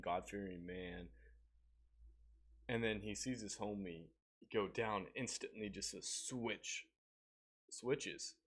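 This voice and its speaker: A man's voice: lowish voice, a bit bright. A man giving casual reaction commentary, awed and rambling with many fillers. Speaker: reaction video host.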